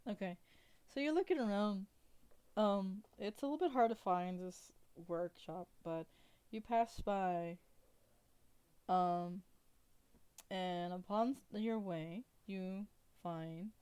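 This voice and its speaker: Brief: woman GM, meandering narration, clear voice, slow delivery. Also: mid-range voice, mellow. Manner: rambling, many ums and restarts. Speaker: game master. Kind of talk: narrating a tabletop game.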